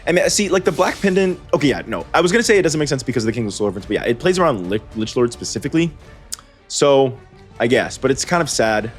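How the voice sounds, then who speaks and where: A man's voice: mid-range voice, big pitch swings, fast talker. Guy calling card game duels, rambles, cuts himself off, wry little jokes, faint music under him. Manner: rambling, self-correcting, wry asides. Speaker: host and commentator. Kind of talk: gameplay commentary.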